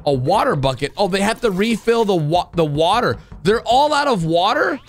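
A man doing excited reaction commentary over cartoon clips, swinging between loud cheering and low worried muttering. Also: normal speed. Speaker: gaming commentator reacting to animations.

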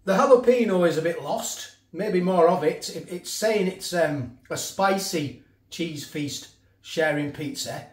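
A man's voice: fairly high pitch, expressive, measured pace. A middle-aged man reviewing food in a casual vlog, rambling and repeating himself, sometimes talking with his mouth full. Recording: echoey room.

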